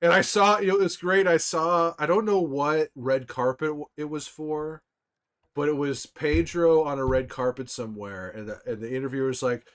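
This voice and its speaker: Rambling, excitable man chatting to viewers. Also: fairly high pitch, normal speed. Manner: rambling, excited, laughs often, many restarts. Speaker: livestreamer. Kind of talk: casual livestream chat with viewers. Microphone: desktop microphone.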